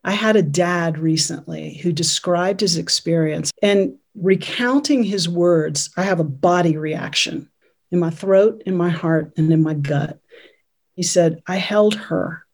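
A woman's voice: lowish voice, a little mellow. A woman parenting consultant speaking as an interview guest, earnest and telling stories about her clients. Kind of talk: conversational interview.

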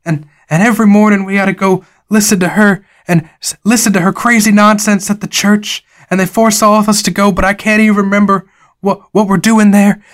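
A man putting on a nervous high-voiced worker. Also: little pitch movement, brisk, a bit bright. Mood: urgent, nervous. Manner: high, whining, anxious. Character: panicky park docent, whiny man.

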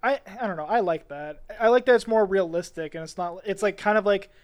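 A fast-talking podcast host with a smooth, clear voice that sounds dry and close, with no room around it. The host briskly steers the group from one movie to the next. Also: mid-range voice, no echo. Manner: brisk, keeps the show moving. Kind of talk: casual movie review chat.

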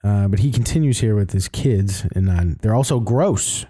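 A man co-hosting a podcast, chiming in with short, laid-back remarks. His low voice has a mellow, dark tone and sounds dry and close to the mic. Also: moderate pace, no echo. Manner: brief, laid-back interjections. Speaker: podcast co-host. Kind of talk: casual podcast discussion.

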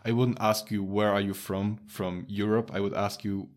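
A man's voice: fairly low pitch, flat delivery, moderate pace. Laughing man with a Romanian accent. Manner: laughs often, many restarts and fillers. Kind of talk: casual chat.

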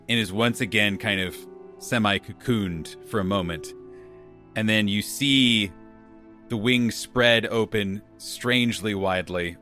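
Bright-voiced male game master narrating. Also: fairly low pitch. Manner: loose narration with fillers like "kind of" and "like".

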